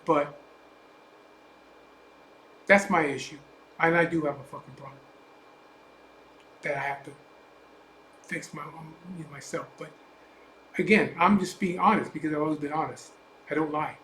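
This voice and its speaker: A man's voice: fairly high pitch, normal speed, long pauses, a bit bright. A man with a Chicano English accent ranting bluntly to camera as a biker vlogger, profane and defiant with repeated asides. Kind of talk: blunt unscripted rant to camera. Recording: echoey room, faint background hum.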